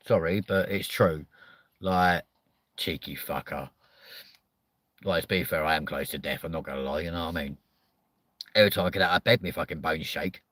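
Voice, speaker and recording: A man, hosting a live chat show with loud, sweary, joking banter. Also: low voice, no echo. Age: 30s.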